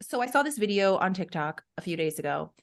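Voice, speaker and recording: Chatty, expressive woman podcast co-host. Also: mid-range voice, a little fast. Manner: chatty, expressive storyteller, full of "like" and "right?". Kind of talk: casual podcast chat.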